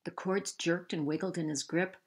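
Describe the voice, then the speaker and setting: A woman reading a children's novel aloud, measured and unhurried, lifting her voice for the characters. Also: fairly low pitch, fairly even intonation. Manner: slow, measured storytelling with raised voices for dialogue. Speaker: reader.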